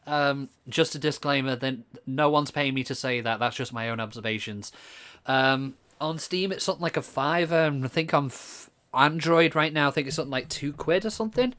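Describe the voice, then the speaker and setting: A casual British streamer talking through a game in an offhand, chatty way. His voice sits a little higher than most men's. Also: fairly bright tone, clear, resonant tone. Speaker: gaming streamer. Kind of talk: casual let's-play commentary.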